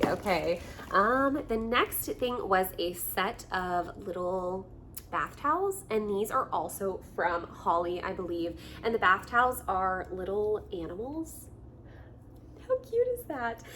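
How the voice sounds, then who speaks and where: A woman vlogger chatting casually at home as she unboxes gifts, gushing and excited, laughing often and filling her talk with chatty asides. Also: medium pitch, slight background noise. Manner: chatty with frequent fillers.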